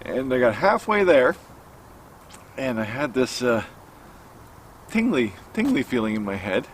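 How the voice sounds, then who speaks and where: A middle-aged man casually telling a personal story to camera, halting with many fillers and restarts, recorded outdoors. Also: mid-range voice, sing-song, a little hiss or hum. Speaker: outdoor cooking vlogger. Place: outdoors by a campfire.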